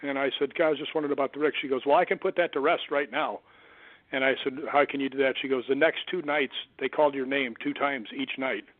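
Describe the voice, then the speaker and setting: A man, a stuntman guest on an interview show, telling an eerie story in an animated way and acting out the voices of the people he quotes. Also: mid-range voice, quick pace, no room sound. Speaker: guest, stuntman and ghost hunter. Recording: tinny phone line.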